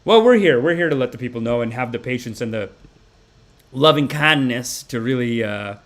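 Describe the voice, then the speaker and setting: A man's voice: medium pitch, moderate pace. A man hosting a live podcast, chatting casually with lots of swearing and tangents. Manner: profane, rambling, animated. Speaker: podcast host. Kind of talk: casual livestream chat.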